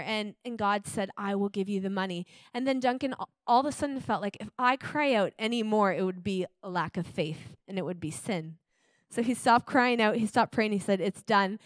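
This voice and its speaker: Woman, church speaker, casual testimony, eager and rambling, slightly high voice, dry close recording. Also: no room sound. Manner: enthusiastic, chatty storyteller with many fillers.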